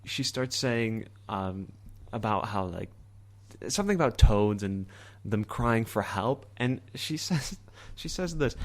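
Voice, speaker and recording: A man co-hosting a casual podcast chat, relaxed and easygoing, chuckling as he tells stories. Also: fairly low pitch, slow. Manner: relaxed, easygoing, hesitant fillers, chuckles while telling stories. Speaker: podcast co-host.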